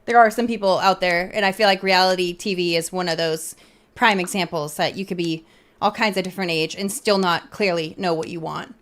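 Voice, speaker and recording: A woman's voice: on the low side, steady tone, a little fast, a bit bright. A woman streamer chatting casually in a rambling way, full of fillers and restarts.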